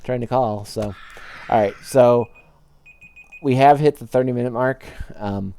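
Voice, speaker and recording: A man casually commenting on his own game play as a let's-play host, relaxed and rambling. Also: medium pitch, a little slow, clear, resonant tone. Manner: relaxed, rambling, with many fillers. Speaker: gaming video host.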